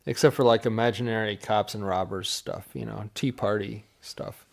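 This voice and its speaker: A man's voice: fairly low pitch, steady tone, gravelly. Rambling, jokey middle-aged man. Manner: jokey, rambling, quick asides. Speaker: podcast co-host, father. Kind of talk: casual chat.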